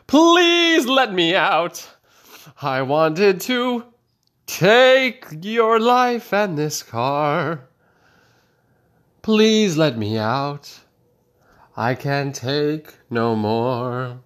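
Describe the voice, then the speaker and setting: A man's voice: expressive, fairly bright tone, heavily acted. A man voicing a worn-down robber begging to be let out of a car. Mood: pleading. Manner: slow, high, begging. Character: pleading male car robber, desperate and worn down.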